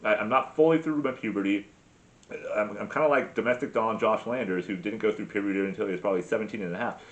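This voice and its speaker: A man's voice: on the low side, fast, highs cut off. A man ranting crudely in a comic monologue, rambling with many fillers and restarts. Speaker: comedy podcast host. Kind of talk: profane comic rant.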